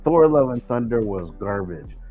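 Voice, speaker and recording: A man's voice: medium pitch, very animated, moderate pace, dark tone, soft background music, rough recording. Blunt, profane man dismissing a movie. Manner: blunt, profane, repeats denials. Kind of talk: casual heated movie debate.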